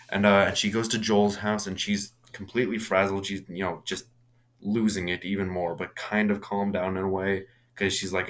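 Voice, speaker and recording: A man's voice: low voice, little pitch movement, normal speed. A young man casually recapping a horror film, rambling with many restarts and casual swearing. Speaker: movie reviewer.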